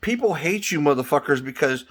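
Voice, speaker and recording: Bright-voiced man on an angry rant. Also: fairly high pitch, expressive, a little fast. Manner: angry, swearing, repeats words as he builds up. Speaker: vlogger. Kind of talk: profane political rant.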